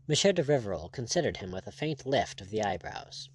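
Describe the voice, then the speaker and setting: A man's voice: on the low side, sing-song, brisk. Man narrating an audiobook. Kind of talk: scripted narration.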